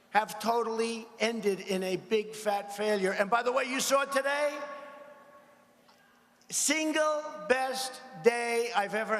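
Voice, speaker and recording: Speaking into a podium mic, an older male politician in his seventies addresses a rally, mocking his targets combatively and wandering into asides. His high-pitched voice has a fairly bright tone, and it echoes with long reverb through the big arena.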